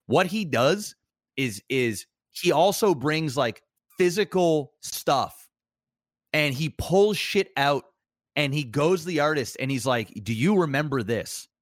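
A man's voice: on the high side, slow, no echo. Hyped podcast guy, lots of swearing and bro, dry mic. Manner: excitable storyteller, swears a lot, says "bro" and "dude". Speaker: podcast co-host. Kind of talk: casual chat.

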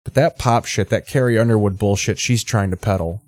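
A man's voice: on the low side, brisk. A man giving profane, sarcastic reaction commentary on a TV drama.

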